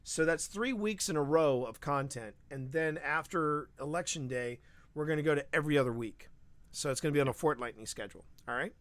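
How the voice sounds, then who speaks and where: Brief: male podcast co-host, casual live-stream chat, excitable and rambling, dry studio sound. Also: fairly high pitch, fairly quick, dry recording. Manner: animated, rambling, frequent restarts.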